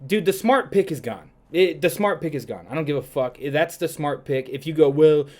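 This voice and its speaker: A man co-hosting a podcast in casual chat, excitable and profane, breaking into quick mocking voices. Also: a little high. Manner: excitable, swears freely, slips into quick mock voices. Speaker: podcast co-host.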